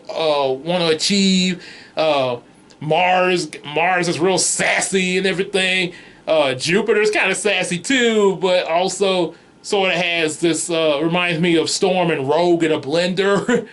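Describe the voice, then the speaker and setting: A man's voice: high-pitched, fairly bright tone. A man giving a casual, rambling movie review, chuckling often and restarting his sentences. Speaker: comics vlogger reviewing a movie.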